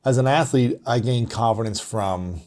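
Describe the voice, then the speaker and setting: A man's voice: mid-range voice, moderate pace, darkish tone. A man interviewing a guest and asking curious, probing questions, drawing on his past as an athlete. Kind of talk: interview conversation.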